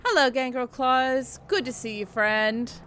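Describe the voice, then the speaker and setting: A woman's voice: sits high, unhurried, fairly bright tone, a little hiss or hum. A woman streamer giving casual gameplay commentary, with chatty, joking asides to her viewers. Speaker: game streamer.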